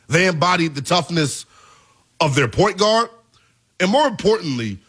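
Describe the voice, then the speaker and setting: A man in his twenties hosting a sports talk show, delivering emphatic, hyped commentary that rises into shouts at its peaks. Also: sits high, slightly rough. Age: 20s.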